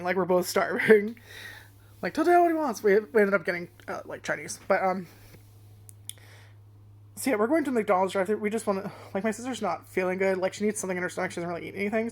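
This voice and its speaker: A young adult woman telling a rambling casual story as a vlogger, swearing often and laughing along the way. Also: mid-range voice.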